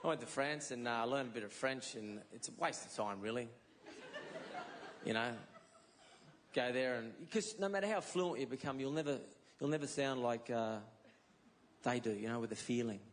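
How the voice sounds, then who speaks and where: A man's voice: mid-range voice, moderate pace. A middle-aged Australian man performing a stand-up comedy set, telling stories and slipping into voices of the people in them. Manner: storytelling with voiced characters, animated impressions. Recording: live set with audience crowd and noise. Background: audience laughter.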